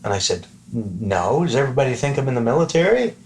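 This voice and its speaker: A man's voice: mid-range voice, fast talker, vocal fry, slight background noise. A man from the East Coast of Canada telling a comic story among friends, swearing freely and acting out the lines of people in the story. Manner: profane, animated, acts out quoted lines. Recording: roomy echo.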